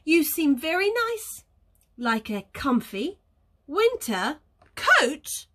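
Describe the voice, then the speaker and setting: A woman's voice: sits high, big pitch swings, drawn-out words, very noisy, voice pushed up, exaggerated voice. A woman voicing a polite, cheerful female goose in a children's storybook, with a sweet, prim, sing-song manner. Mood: polite, puzzled.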